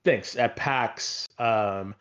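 A man's voice: fairly low pitch, extremely slow, a bit bright, muffled recording. A man talking in a casual, rambling way about games he has been playing, with many fillers and restarts. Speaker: podcast co-host.

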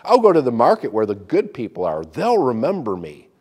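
A man's voice: medium pitch, huge pitch swings, a little fast, darkish tone, husky, pitched below the performer's own voice. A man voicing a proud, indignant young male donkey in a storybook tale read during a sermon, talking in a huffy, demanding way.

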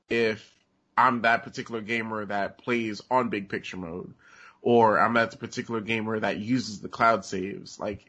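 Husky-voiced man with a cold. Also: lowish voice, a bit bright. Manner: halting, many fillers and restarts. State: has a summer cold. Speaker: podcast co-host. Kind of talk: casual gaming chat.

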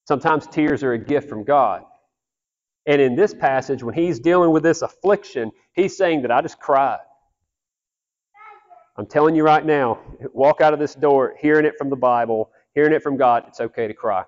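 A man's voice: mid-range voice, normal speed, long reverb tail, muffled recording. A man preaching a sermon as pastor, earnest and conversational, often repeating phrases for emphasis.

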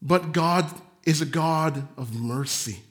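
High-pitched, slow-preaching male pastor. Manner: animated preaching, acting out quoted voices, swinging from loud to soft. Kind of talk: sermon.

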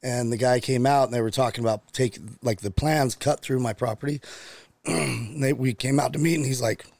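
A man who grew up in Utah, chatting casually as a podcast guest and telling animated stories. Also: medium pitch, moderate pace, gravelly, dry recording. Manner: storytelling, animated, laughs often.

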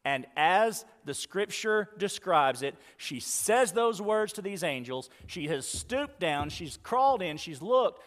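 Slow man preaching in a hall. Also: sits high, big pitch swings, a bit bright. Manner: dramatic retelling, slowing on key words. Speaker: pastor. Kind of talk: sermon. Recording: long reverb of a church hall.

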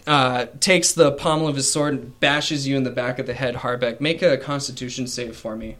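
A man runs a tabletop game, narrating scenes in a casual, rambling way. His voice sits at an ordinary pitch. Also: fairly even intonation, moderate pace, hardly any pauses, a bit bright, a little hiss or hum. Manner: casual, with fillers and voiced characters. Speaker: game master.

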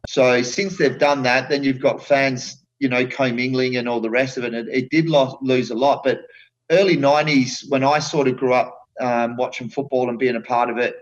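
A middle-aged man speaks bluntly and with passion, in an earthy, plain-spoken way full of restarts. His voice sits at a medium pitch and comes over a somewhat dull, lo-fi remote line. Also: steady tone, moderate pace. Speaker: former footballer guest. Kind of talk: casual interview chat.

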